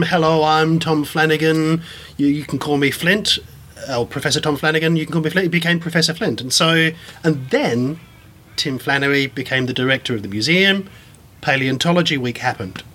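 A man who grew up abroad after being born in England, telling stories with animated enthusiasm and many restarts as an interview guest. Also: a little high. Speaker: guest, science communicator and performer. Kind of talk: casual storytelling interview.

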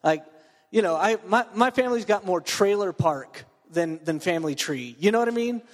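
A man's voice: high voice, lively intonation, moderate pace. A man from Texas with a cold, giving a chatty, joking sermon to a student group, full of fillers and restarts. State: under the weather with a cold. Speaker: preacher. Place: large meeting room. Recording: long reverb in a large room.

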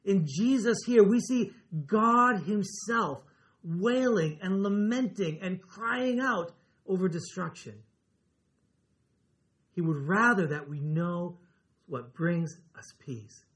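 A pastor preaching a sermon in an earnest way, slowing down and dropping his voice on key words. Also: high voice, expressive.

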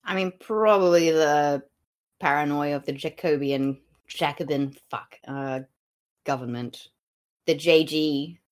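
A woman's voice: deep voice, measured pace. A woman co-hosting a podcast in casual chat, sarcastic and sweary, breaking into silly mocking voices. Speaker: podcast co-host.

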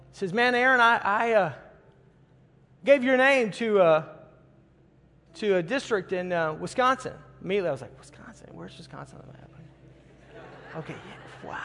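Pastor, man, middle-aged, earnest storytelling sermon, high voice, reverberant hall. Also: a bit bright. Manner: earnest, repeats words when starting phrases.

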